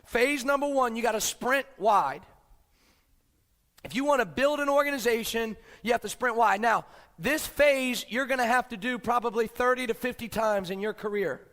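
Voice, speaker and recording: A man giving a fired-up motivational business speech, swinging from low, quiet lines to shouting. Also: moderate pace. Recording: long hall reverb.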